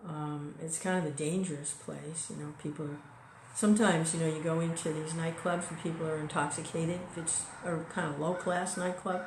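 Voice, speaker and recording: A woman's voice: low-pitched, steady tone, normal speed, few pauses, darkish tone, slight background noise. A woman giving an informal devotional talk in a conversational way, full of "you know" and small restarts. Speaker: devotional speaker. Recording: echoey room recording.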